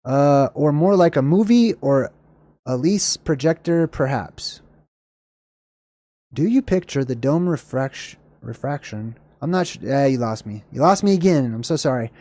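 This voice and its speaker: A man hosting a livestream, answering chat questions in a casual, rambling way, often searching for words and correcting himself, with a slightly hoarse voice. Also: medium pitch, animated, a little slow, dark tone.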